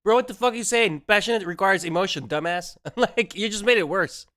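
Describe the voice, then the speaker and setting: A man's voice: sits high, a little fast, pushed and bright. A man who is not a native English speaker, streaming casual reaction commentary in a mocking, sarcastic tone, laughing often and dropping slang like bro and man.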